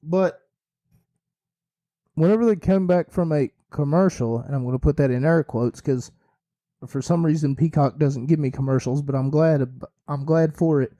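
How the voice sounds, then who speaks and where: A man hosting a solo wrestling podcast, rambling and correcting himself with jokes, his voice a little hoarse. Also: on the high side, moderate pace, mellow, no echo. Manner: rambling, self-correcting, jokey. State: slightly hoarse, losing his voice. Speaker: podcast host.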